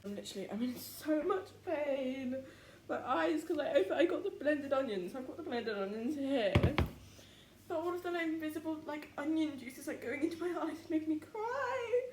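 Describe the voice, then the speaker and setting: A woman's voice: sits high, expressive, moderate pace, a little mellow. Giggly young woman vlogging. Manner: rambling, giggly, full of "like" and "literally". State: tired, yawning. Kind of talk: casual chatty vlog while cooking. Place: home kitchen, indoors. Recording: echoey room with faint background noise.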